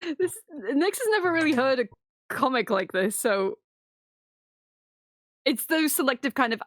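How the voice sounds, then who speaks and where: A woman playing a tabletop game, her voice lively and bouncing in pitch. She sounds giggly and casual, and the recording is close and dry. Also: moderate pace, pauses often, dry recording. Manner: giggly, lots of "like". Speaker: player.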